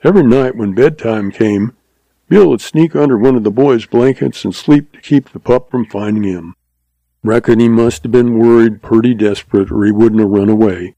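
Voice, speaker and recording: A man reads a storybook in the voice of a quick-witted young cowboy, spinning the tale in a folksy, easygoing way with an earnest mood. His natural, mid-range voice sounds mellow and close, recorded in a dry room with no room sound.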